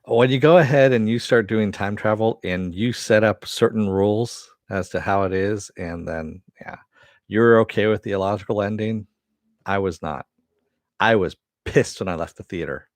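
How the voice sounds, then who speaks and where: Deep-voiced man chatting casually. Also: normal speed, dry recording, clean studio sound. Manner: chatty, answers viewer chat, swears. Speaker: host. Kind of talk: casual live-stream chat.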